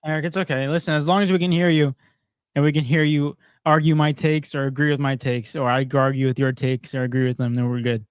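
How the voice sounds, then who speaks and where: Upbeat high-voiced male podcast host. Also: flat delivery, quick pace, smooth, no room sound. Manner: upbeat, laughs often, talks to the chat. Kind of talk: casual sports chat on a livestream.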